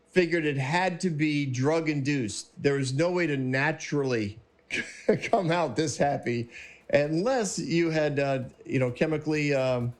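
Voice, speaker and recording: A man hosting his own podcast, telling a personal story in a casual, cheerful way, laughing often and acting out the people he quotes. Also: fairly high pitch. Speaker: podcast host.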